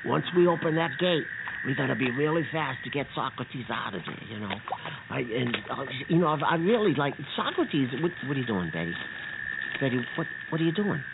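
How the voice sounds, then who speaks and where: A man playing an excitable, stammering boy bean. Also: medium pitch, fairly quick, creaky. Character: earnest tween boy bean. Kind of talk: children's radio play. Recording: tinny lo-fi radio with hiss.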